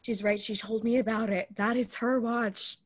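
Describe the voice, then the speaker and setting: A woman reads a hesitant young wife who stumbles and restarts as she speaks. Her voice is high, heard over a video call. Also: steady tone, normal speed, slightly rough. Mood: pleading. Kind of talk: Zoom play reading.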